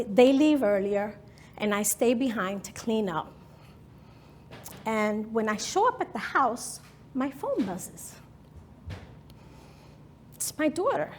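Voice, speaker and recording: A woman's voice: fairly high pitch, slight background noise. A woman in her fifties from New York, telling a personal story in a talk with dramatic, emotional present-tense narration. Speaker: speaker.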